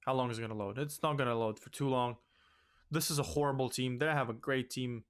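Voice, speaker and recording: A young man hosting a let's play, ranting in exasperation and swinging loud and high when upset. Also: fairly even intonation, fairly quick, clean tone. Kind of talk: ranting game commentary.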